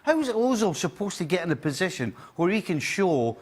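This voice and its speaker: A man's voice: sits high, big pitch swings, a little fast. A Scottish man talking as a football pundit on a studio panel, driving his points home with repeated phrases.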